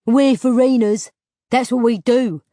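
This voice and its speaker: A woman voicing a gruff, suspicious young male scavenger who talks in curt, snapping lines. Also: on the high side, fairly even intonation, a little slow, warm tone, no room sound, clean studio sound, lightly acted. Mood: defiant.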